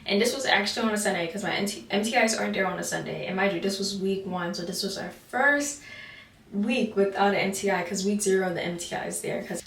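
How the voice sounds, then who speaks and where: Young woman storyteller, overbite, through-the-teeth talk, lots of "like", mid pitch, echoey and distant. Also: gravelly, a bit bright, slight background noise. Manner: fast, chatty, full of "like". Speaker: vlogger telling a story. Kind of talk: casual storytime. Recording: roomy, distant mic.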